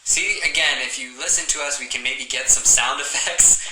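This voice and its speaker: A man's voice: medium pitch, normal speed, very noisy. A man co-hosting a podcast in a laid-back casual chat, full of filler words. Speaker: podcast co-host. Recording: echoey room.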